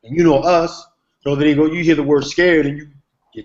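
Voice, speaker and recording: A man's voice: on the high side, fairly even intonation, normal speed, dull audio. A man, a TV writer, telling a long story in a casual, rambling way with lots of slang and fillers, heard over a video call. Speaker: TV writer, guest. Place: online video hangout.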